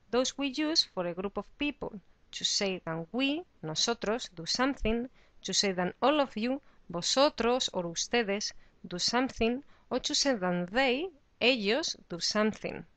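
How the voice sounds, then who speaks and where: A woman's voice: on the high side, animated, measured pace, a bit bright, no echo. A woman teaching a beginner lesson, explaining patiently and saying the example words with careful pronunciation. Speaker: Spanish teacher. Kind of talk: slow, clear teaching explanation.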